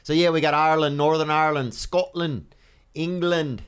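A man's voice: a little high, fairly even intonation, normal speed, clean tone. A man co-hosting a podcast in casual banter, joking around and laughing often. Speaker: podcast co-host.

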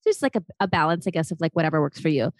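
A woman's voice: deep voice, no room sound. A woman hosting a podcast interview, enthusiastic and chatty with many fillers. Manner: fast, enthusiastic, lots of fillers. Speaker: podcast host. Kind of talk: casual interview chat.

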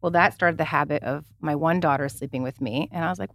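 A middle-aged woman co-hosting a casual chat, a loud and animated storyteller whose voice carries. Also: sits low, a little fast, no echo, clean studio sound.

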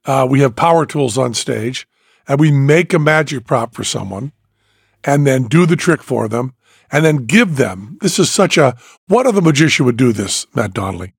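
A man's voice: medium pitch, animated, normal speed, creaky, breathy edge, no room sound, studio quality. A man hosting a casual chat, telling rambling stories and acting out dialogue. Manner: rambling storyteller, acts out dialogue. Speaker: podcast host, magician.

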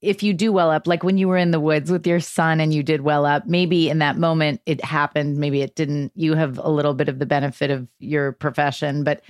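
A woman's voice: deep voice, steady tone, fairly quick, hardly any pauses, no room sound, studio quality. A woman hosting a podcast interview, prompting her guest and laughing along. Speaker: podcast host. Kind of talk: conversational interview.

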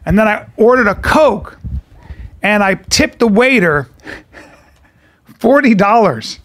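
A middle-aged man co-hosting a podcast, telling comic stories in an animated, profane way and acting out the people in them. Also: high-pitched, takes it slowly. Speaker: podcast co-host. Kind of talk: casual comedic storytelling.

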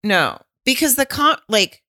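A woman co-hosting a casual podcast recap, talking in an animated, emphatic way with frequent swearing. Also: a little high, unhurried, no echo, clean studio sound. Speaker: podcast co-host.

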